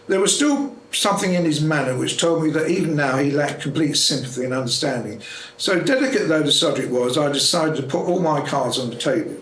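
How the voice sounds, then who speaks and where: A man reading a comic short story aloud at a club meeting, in a brisk, playful manner. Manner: brisk, playful reading with lively jumps in pitch between characters. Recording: echoey room with faint background noise.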